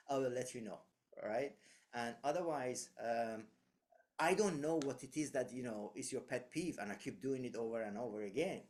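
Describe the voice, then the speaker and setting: A man's voice: medium pitch, a little mellow. A man giving leadership advice in casual conversation, reflective and anecdotal, with frequent fillers and restarts.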